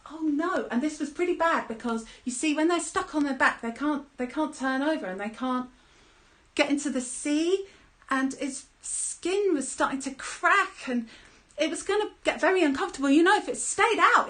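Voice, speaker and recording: A woman telling a story live to children in a playful, animated way, with sound effects and calls to join in. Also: high voice. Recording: roomy echo.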